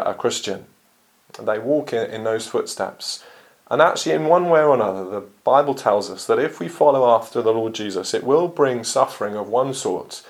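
A man preaching a sermon, earnest and measured, with frequent ums and uhs. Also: mid-range voice.

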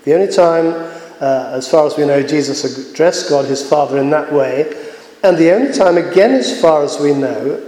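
Earnest preacher in an echoey hall. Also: male voice, on the high side, warm tone. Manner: earnest, measured, frequent filler pauses. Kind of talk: sermon. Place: church. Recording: echoey church hall with long reverb.

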